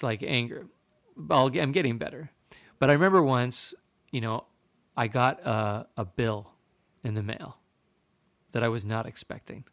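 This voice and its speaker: A man's voice: medium pitch, a bit bright, no echo. Chatty man telling a story, dry close mic. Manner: rambling, self-deprecating, many fillers and restarts. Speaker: podcast guest. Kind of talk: casual storytelling.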